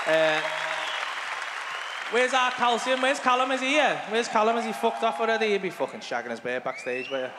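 A man's voice: high voice, noisy background. A man doing a sweary, blunt stand-up set in a large theatre. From England. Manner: sweary, blunt storytelling with acted-out outbursts. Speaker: stand-up comedian. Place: large theatre with a big audience. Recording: live hall recording with a loud crowd.

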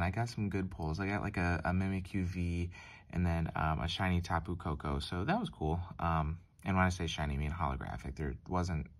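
A sleepy man with a low voice hosts a card-opening channel, chatting casually through a pack-opening vlog. He is soft-spoken and hesitant, nearly whispering, and fills his speech with lots of ums and likes.

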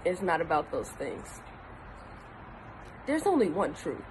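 A woman's voice: low-pitched, big pitch swings, a little slow, a little hiss or hum. Tearful woman, earnest and emphatic. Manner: earnest, repeats herself for emphasis. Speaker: actress. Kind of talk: emotional personal video message.

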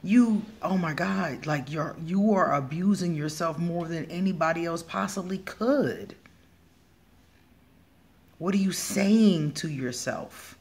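A man's voice: fairly high pitch, takes it slowly, gravelly, a little mellow. A man giving blunt, emphatic advice as a spiritual healer in a casual vlog monologue.

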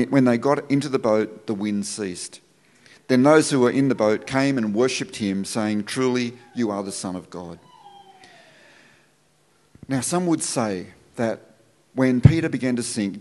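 A man's voice: medium pitch, darkish tone. A man preaching as a pastor, telling a Bible story and reading scripture aloud in a reflective, unscripted way with frequent fillers and restarts. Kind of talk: sermon.

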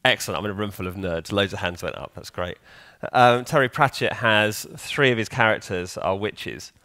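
A man's voice: on the low side, normal speed, pushed and bright, no echo, studio quality. A man giving a conference talk in a conversational way, often putting questions to the audience. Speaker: conference speaker. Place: conference hall.

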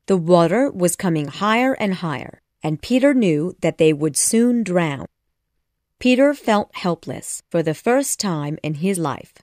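Woman narrator, storybook audiobook, slow pace, lively pitch, dry close sound. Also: dry recording.

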